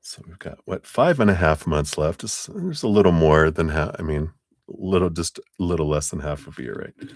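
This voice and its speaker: A man doing a live-stream tarot reading in a relaxed, rambling way, with a lot of fillers, pausing to thank viewers by name. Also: rumbling low, no echo, clean studio sound. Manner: loose, rambling delivery with many fillers. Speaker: tarot reader.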